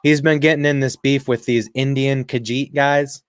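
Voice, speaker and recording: A man doing casual live commentary on a football game with profanity, rambling asides and frequent throat clearing. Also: mid-range voice, fairly even intonation, normal speed, no echo, studio quality. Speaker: live stream sports commentator.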